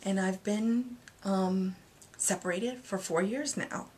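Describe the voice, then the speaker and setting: A woman in her thirties, a single mom, talking candidly in a confessional vlog, rambling and hesitant, with many pauses and fillers. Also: medium pitch, a little mellow, slight background noise. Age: 30s. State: emotional, near tears at moments. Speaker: vlogger.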